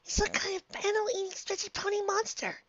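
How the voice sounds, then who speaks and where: A woman's voice: very high voice, flat delivery, quick pace, dull audio, a crowd in the background, pitched above the performer's own voice. A woman voicing a timid young mare pony who speaks hesitantly and nervously in a storybook reading.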